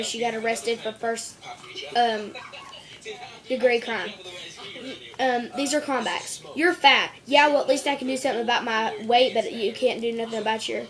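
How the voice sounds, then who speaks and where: A woman reading out a string of jokes for a home video, stumbling over words, restarting and clearing her throat. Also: on the high side. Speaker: joke-telling video maker.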